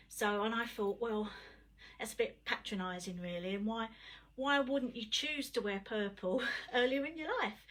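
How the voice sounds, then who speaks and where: A woman's voice: fairly high pitch, a bit bright. A middle-aged woman, chatting between poems and reciting punchy rhyming verse on a live stream. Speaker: performance poet. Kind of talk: live-streamed poetry performance. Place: home, livestream.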